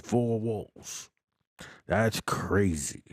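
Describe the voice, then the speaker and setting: A man's voice: lowish voice, expressive, drawn-out words, a little hiss or hum. A man casually reviewing a movie, with a loose, slangy way of talking, repeating himself and often laughing. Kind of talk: casual chat.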